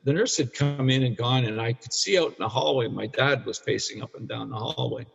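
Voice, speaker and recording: A husky, fairly bright-toned man in his sixties from Canada speaks at medium pitch, a little fast, with vocal fry. As a guest and addiction counselor for men, he tells a hard personal story candidly, rambling, restarting, blunt and sometimes profane. The recording is dull and echoey, made in a room.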